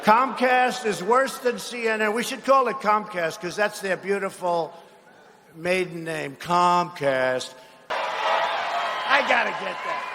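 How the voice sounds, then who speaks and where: Bright high-voiced guy giving a rally speech, mocks people, shouts lines, big arena echo and faint noise. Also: a little slow. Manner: mocking, repetitive, shouts lines to the crowd. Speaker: political speaker at a rally. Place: large arena.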